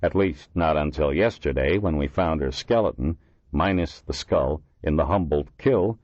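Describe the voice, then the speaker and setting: A man's voice: extremely low pitch, moderate pace, darkish tone, no echo. A man voicing an irritable, blunt male police lieutenant in an audiobook reading. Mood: impatient. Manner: gruff, blunt. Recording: dull lo-fi dry recording.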